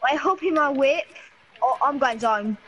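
A woman's voice: sits high, unhurried, fairly bright tone, rough recording. A woman playing online with friends, teasing her teammates and calling out to them in voice chat. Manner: teasing and giggly, calls out to teammates. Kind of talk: casual gameplay chat.

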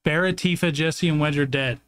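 A high-voiced young man chats excitedly while reacting to a game trailer. He swears freely and laughs often. Faint music plays underneath. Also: fairly quick. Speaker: reaction video host. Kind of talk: excited casual reaction chat.

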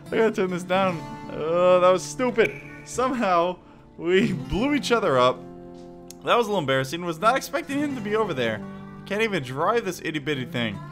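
A man hosting a let's play, giving chatty, excitable commentary while he builds and fights. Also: high-pitched, brisk, faint music behind. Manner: excitable and chatty, laughs and exclaims. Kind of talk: casual gameplay commentary.

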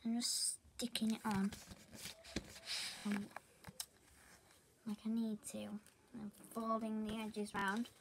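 Slow-talking young girl crafting at home. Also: medium pitch, level tone, a little hiss or hum. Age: child. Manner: rambling, talks to herself while crafting, drifts into whispers. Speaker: vlogger. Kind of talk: chatty craft tutorial vlog.

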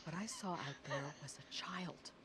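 An actress playing a wary, sharp-tongued woman in a video game. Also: lowish voice, normal speed, natural voice. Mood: uneasy. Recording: noisy game ambience.

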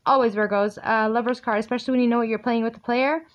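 A woman's voice: a little high, steady tone, fast talker, a little hiss or hum. A woman giving a tarot reading, blunt and emphatic, swearing freely as she speaks straight to her viewers. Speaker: tarot reader.

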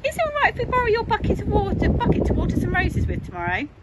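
A woman's voice: very high voice, huge pitch swings, racing, voice pushed up, heavily acted. Woman reading a cheerful storybook mum. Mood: coaxing. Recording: noisy home recording.

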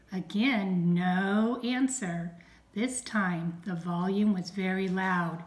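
Slow, echoey teacher reading aloud. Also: female voice, mid-range voice. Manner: slow, clear, teacherly, stressing sounds. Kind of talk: reading a storybook aloud to children.

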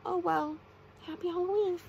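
A woman softly voicing an eager cartoon sponge. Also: extremely high pitch, fairly even intonation, moderate pace, vocal fry, muffled recording, a little hiss or hum, voice pushed up. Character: cheerful young sea sponge, eager to scare. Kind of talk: whispered role-play.

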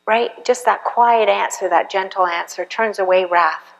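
Woman pastor, chatty sermon delivery, mid-pitched voice, long church-hall reverb. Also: normal speed, gravelly. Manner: conversational, acts out little quoted voices.

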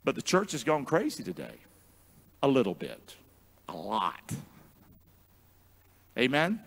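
A man preaching a sermon as pastor, drawing the congregation into call-and-response and swinging from booming shouts to quiet asides. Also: huge pitch swings, slow pace, creaky, big-room sound. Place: church sanctuary.

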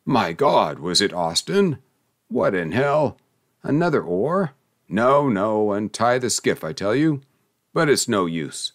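A man voicing a pompous, self-important husband in an audiobook, loud and raucous. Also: on the low side, sing-song, takes it slowly. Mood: gasping agitation. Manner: raucous, haranguing.

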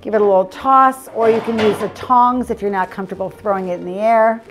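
A woman's voice: mid-range voice, fairly even intonation, fairly quick, music in the background. A woman hosting a casual cooking demonstration, chatty and playful with upbeat asides. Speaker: cooking show host.

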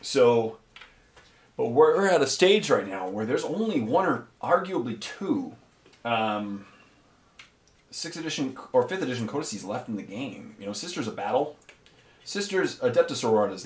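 Guy chatting while painting minis, rambly, lots of ums, echoey room. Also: medium pitch. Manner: rambling, many fillers and self-corrections. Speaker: miniature painting YouTuber. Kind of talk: casual talk while painting.

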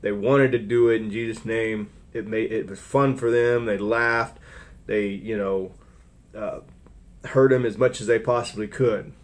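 A man's voice: on the low side, steady tone, measured pace. Man rambling through Bible commentary. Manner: rambling, with frequent restarts and fillers. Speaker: Bible teacher. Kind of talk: informal scripture commentary.

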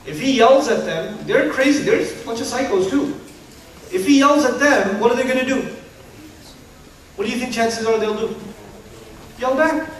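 A man preaching a sermon to parents, animated and humorous, acting out parents and kids. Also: very high voice, slight background noise. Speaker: Muslim preacher. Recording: roomy hall echo from a distance.

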